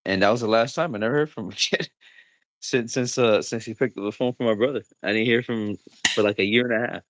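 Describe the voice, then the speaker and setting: Here a livestream host talks fast in a medium-pitched voice, with a little hiss or hum in the audio. Keeping the chat casual, he jokes, laughs things off, and imitates the voices of people he quotes.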